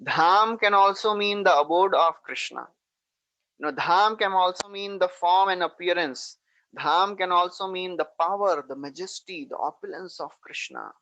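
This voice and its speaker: A man's voice: high voice, normal speed, pushed and bright, no echo, lo-fi sound. Man giving a storytelling scripture lecture. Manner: storytelling with frequent 'you know', reciting Sanskrit verse. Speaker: preacher.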